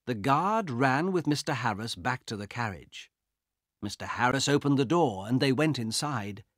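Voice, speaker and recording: Guy reading a learner storybook, slow and clear, lively pitch, dry close sound. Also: dry recording. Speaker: audiobook narrator. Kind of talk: scripted narration of a graded reader.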